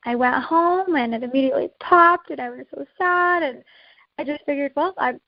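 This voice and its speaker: A woman's voice: high voice, moderate pace, no room sound, dull audio. A woman co-hosting a podcast, earnestly telling her own emotional birth story. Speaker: podcast co-host.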